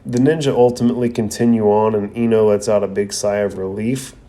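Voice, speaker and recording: A man's voice: lowish voice, steady tone, brisk, warm tone. A man hosting a podcast, recapping an anime episode in a casual, slangy way with asides.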